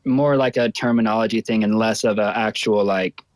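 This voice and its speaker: A man's voice: lowish voice, fairly even intonation, a little fast, no echo, rough recording. A man co-hosting a casual online voice chat, musing in an easygoing way with many fillers. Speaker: co-host. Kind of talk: casual chat on a live audio space.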